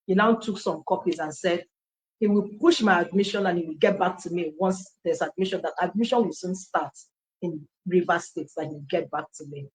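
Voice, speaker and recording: A Nigerian woman telling her personal story in an animated testimony style, acting out dialogue and slipping into Pidgin phrases. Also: on the low side, a little fast, rough recording.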